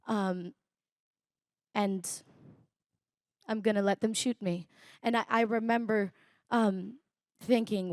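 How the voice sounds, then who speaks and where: A young woman speaks slowly and reflectively, pausing often with small fillers as she recounts her own story. Her voice sits at a middle pitch and is heard dry and close, with little room sound. She talks as an interview guest on a conference stage. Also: no room sound. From Israel.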